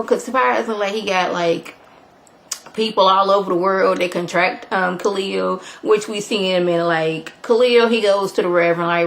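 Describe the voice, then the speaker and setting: A woman's voice: medium pitch, normal speed, gravelly. Chatty woman recapping a show. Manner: chatty, lots of "like", animated retelling. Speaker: vlogger. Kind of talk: casual TV episode recap.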